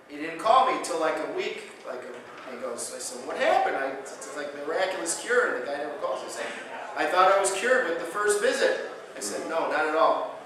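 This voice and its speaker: In an echoey conference hall, picked up by a distant mic with a little hiss or hum, a chiropractor with a slightly high voice gives a lecture. He's an animated storyteller who tells a patient story and loudly acts out the voices of the people in it.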